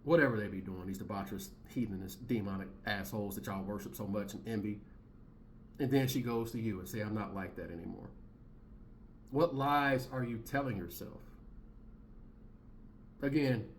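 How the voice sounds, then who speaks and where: A man's voice: lowish voice, normal speed, pauses often, slight background noise. A man in his thirties hosting his own commentary channel, talking in a blunt, heated, slangy rant and repeating his points.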